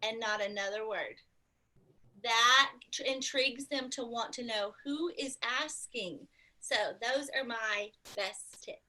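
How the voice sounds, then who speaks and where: Bright-voiced woman speaking steadily, a little distant from the mic. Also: fairly high pitch, a little slow. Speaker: sales consultant. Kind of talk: casual group chat.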